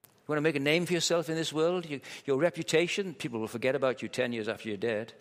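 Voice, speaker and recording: A man's voice: fairly high pitch, fast talker. A male preacher delivering a sermon with vivid storytelling. He keeps pressing his points with emphatic rhetorical questions, and his voice rings with a long reverb through a large hall. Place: large hall at a church camp.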